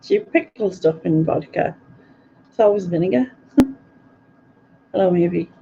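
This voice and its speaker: A woman's voice: lowish voice, slow, vocal fry, warm tone, dull audio, a little hiss or hum. A middle-aged woman with a Sunderland accent, hosting a live stream in casual chat and reading out viewer comments. She rambles and giggles as she goes. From North East England.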